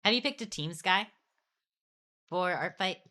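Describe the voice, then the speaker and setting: Low-voiced young woman chatting on stream. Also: lively intonation, unhurried, bright, forceful tone. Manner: rambling, restarts sentences, laughs often. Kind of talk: casual chat on an art stream.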